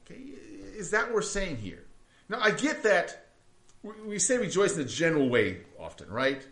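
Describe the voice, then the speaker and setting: A man's voice: fairly high pitch, big pitch swings, moderate pace, fairly bright tone, roomy sound. A man preaching a sermon to his congregation, talking conversationally with frequent restarts and rhetorical questions. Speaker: pastor.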